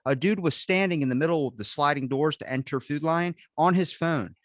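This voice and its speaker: A man's voice: on the high side, fairly quick, no echo. A man hosting a podcast in casual chat, swearing freely and telling stories with animation. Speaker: podcast host.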